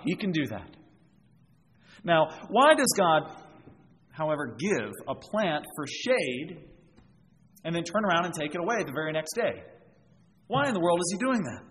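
A male pastor delivers an expository sermon, walking through a scripture passage and tying it to everyday examples. His voice sits a little high for a man. It rings out with a long reverb, over a faint background noise.

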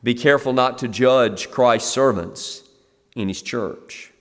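Brief: middle-aged man, pastor, conversational sermon delivery, mid pitch, long church-hall reverb. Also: slow. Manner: conversational, acts out the scene in lively quoted asides. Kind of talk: expository sermon.

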